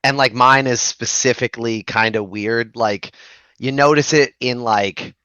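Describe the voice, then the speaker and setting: A man's voice: medium pitch, measured pace, pushed and bright, clear, resonant tone, no echo, muffled recording. A man with a Prince Edward Island accent chatting as a podcast guest, easygoing and hesitant, with lots of "like". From Prince Edward Island, Canada. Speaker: guest musician. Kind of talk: casual chat.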